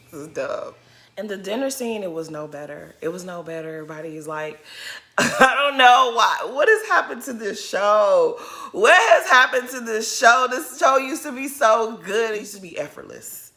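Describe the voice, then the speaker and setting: A young woman talks straight at the camera in a bright, clear voice. Her reality-show recap is sassy and blunt, and she sounds fed up with the cast. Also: mid-range voice. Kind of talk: casual commentary.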